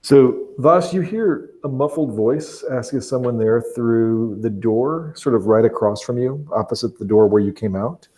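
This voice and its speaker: A man narrating a tabletop role-playing game as game master, talking haltingly with fillers and restarts. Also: mid-range voice, expressive, darkish tone, breathy edge.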